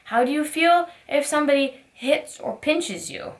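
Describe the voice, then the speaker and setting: A woman teaching a preschool circle time, asking gentle questions in a sing-song teacher voice. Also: sits high, normal speed. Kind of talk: circle time lesson for young children.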